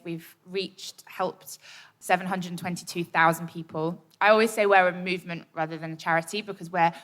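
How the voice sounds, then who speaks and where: A lower-voiced woman speaking from a theatre stage, measured and sincere as she explains her organisation's work. She is a charity founder giving a clear, informative account. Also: fairly bright tone. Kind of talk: onstage talk. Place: live theatre stage before an audience.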